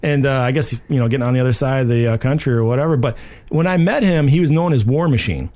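A man chatting casually on a podcast, talking fast and wandering through his story with lots of fillers. His voice sits at an ordinary middle pitch. He rambles on with loose restarts. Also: a little mellow. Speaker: podcast co-host. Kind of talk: casual chat.

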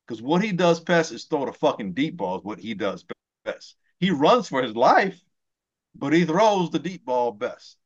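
A man's voice: medium pitch, big pitch swings, normal speed, highs cut off. A man co-hosting a podcast, talking football in a heated, ranting way and swearing often. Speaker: podcast co-host. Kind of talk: casual sports talk.

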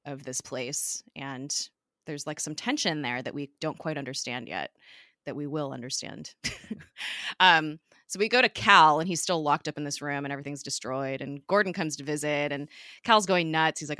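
A woman hosting a podcast, recapping a TV episode in a chatty way, full of fillers and quick giggles. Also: low voice, pushed and bright, no echo, clean studio sound.

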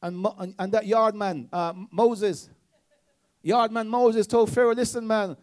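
A man's voice: sits high, steady tone, measured pace, darkish tone. A man preaching a sermon with call-and-response exhortations, often restarting his words in repetitive bursts.

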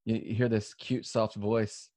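A man's voice: lowish voice, flat delivery, measured pace, warm tone, dry recording, studio quality. A man in casual conversation who often repeats words as he starts his sentences. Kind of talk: casual chat.

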